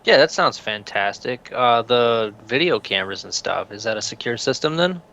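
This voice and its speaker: A man's voice: mid-range voice, animated, moderate pace, creaky, a bit bright, muffled recording. A man playing a tabletop game, speaking in character, easygoing and casual. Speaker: player.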